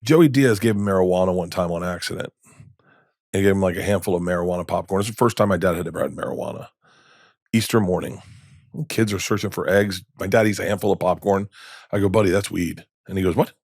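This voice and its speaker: Low-voiced man telling rambling stories. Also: fast talker, darkish tone, dry recording, clean studio sound. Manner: rambling, self-interrupting, emotional storytelling. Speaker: comedian guest. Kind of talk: candid storytelling in a podcast interview.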